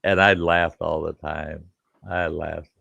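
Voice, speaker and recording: In a relaxed live chat, a middle-aged campground host spins rambling, profane campfire-style tales and laughs at his own jokes. His very low, gravelly voice comes slowly, and the lo-fi sound is dry and close with no room echo.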